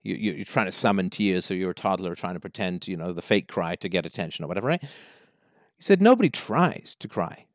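A man's voice: low voice, a little fast, no room sound, studio quality. A man hosting a call-in show, giving advice and telling stories while acting out the quoted voices. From Canada. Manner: animated storyteller, acts out quoted voices. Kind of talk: advice talk to a caller.

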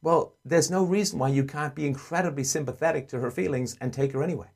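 A man's voice: a little high, quick pace, creaky. Earnest man hosting a call-in show. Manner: earnest, acts out gentle parent dialogue. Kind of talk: advice call-in talk.

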